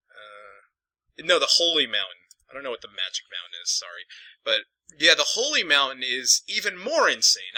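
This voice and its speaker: A man's voice: medium pitch, sharp tone, no echo, rough recording. A man reviewing films in a casual, digressive, profane ramble. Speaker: film reviewer.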